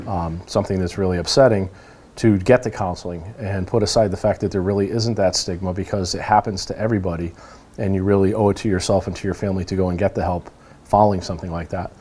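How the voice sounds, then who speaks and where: A police officer in his forties from New England, telling stories in a casual interview and acting out the quoted lines with lively voices. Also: low-pitched. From New England, United States. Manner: animated storyteller who acts out quoted lines.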